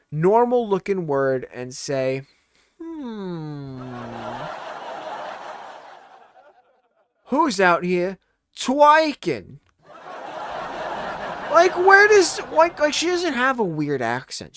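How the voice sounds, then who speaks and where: A man's voice: sits high, fairly bright tone, slight background noise. A man in his twenties doing a casual comedy monologue, laughing often and swearing.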